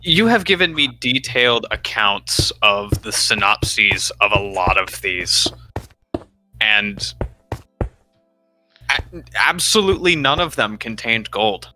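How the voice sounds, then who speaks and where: Slow, dry-witted young man co-host. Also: on the low side, sing-song, pushed and bright, rough recording. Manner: dry, wry, mock-formal wording. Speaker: podcast co-host. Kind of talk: casual gaming chat. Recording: music playing underneath.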